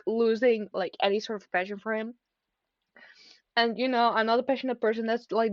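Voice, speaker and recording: A woman's voice: on the high side, no room sound. A young woman talks casually to the camera from her desk at home, rambling and self-deprecating, often stopping and restarting. The sound is dry and slightly dull, like a basic home setup. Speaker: vlogger. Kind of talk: casual confessional chat.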